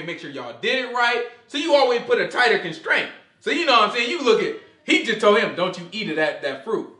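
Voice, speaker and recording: Animated man teaching in an echoey room. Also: sits high. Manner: animated, conversational, acts out quotes. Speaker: Bible study teacher. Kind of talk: casual Bible study teaching.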